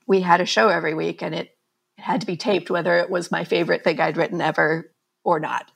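A woman's voice: fairly low pitch, little pitch movement, fast talker, gravelly, slightly rough. A woman author being interviewed, talking candidly and chattily and laughing at herself. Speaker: author guest. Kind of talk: casual conversational interview.

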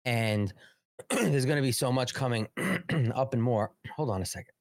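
A man's voice: mid-range voice, animated, measured pace, no room sound, studio quality. A man hosting a casual live political show, rambling and sarcastic with frequent swearing. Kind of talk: casual live-stream commentary.

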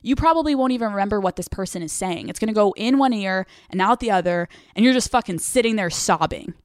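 A woman's voice: medium pitch, lively intonation, fast, dry recording, studio quality. Blunt, swearing young woman podcast host. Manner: blunt, profane, laughs mid-sentence. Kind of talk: casual advice monologue.

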